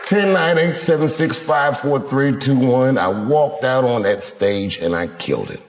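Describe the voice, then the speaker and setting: Animated male stand-up comic on stage. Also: medium pitch, measured pace. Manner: animated storytelling with acted quotes. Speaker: stand-up comedian. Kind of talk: stand-up comedy routine. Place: large theater stage. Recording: reverberant hall with crowd noise. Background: audience laughter.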